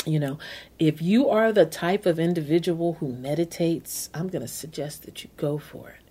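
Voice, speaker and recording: A woman's voice: low-pitched, moderate pace, mellow, husky. A woman hosting a self-help podcast, coaching listeners step by step and repeating key phrases. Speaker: podcast host. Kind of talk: motivational self-help talk.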